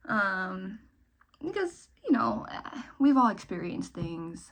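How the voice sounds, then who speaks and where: A woman's voice: mid-range voice, very animated, slow pace, vocal fry. Rambling young woman vlogger, half-whispered asides. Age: young adult. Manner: rambling, self-mocking, drifts between loud and whispered asides. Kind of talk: casual get-ready-with-me chat.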